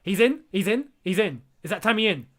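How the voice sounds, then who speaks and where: A man's voice: high voice, lively intonation, fairly quick. A young man hosting a live football watchalong, reacting with exasperation and disbelief and talking straight to his viewers. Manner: exasperated, incredulous, talks to viewers as lads. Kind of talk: live match reaction and commentary.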